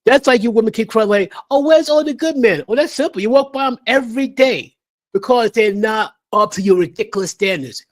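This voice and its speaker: Livestream host, male, higher voice, emphatic lecturing rant. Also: a little fast.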